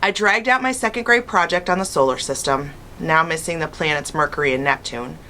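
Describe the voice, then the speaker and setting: Woman reading a children's book aloud, bright voice. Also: low-pitched, brisk, slight background noise. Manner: expressive first-person narration. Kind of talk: storybook read-aloud.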